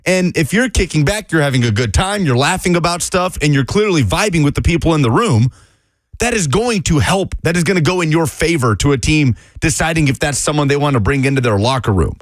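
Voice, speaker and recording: A man co-hosting a sports radio show, talking through football news in an animated, conversational way on a studio microphone. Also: a little high, a little fast, dry recording. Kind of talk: casual sports radio chat.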